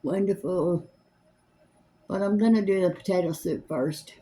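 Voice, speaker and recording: A woman's voice: medium pitch, brisk, warm tone. Chatty older woman. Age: 70s. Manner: chatty, rambling, homespun. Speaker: makeup vlogger. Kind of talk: casual chat while doing makeup. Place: home, seated in a chair.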